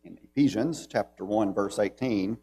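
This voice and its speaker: Low, mellow Southern man teaching Bible class. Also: normal speed, slight background noise. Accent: Southern American. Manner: conversational, reads scripture aloud with emphasis. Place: church classroom.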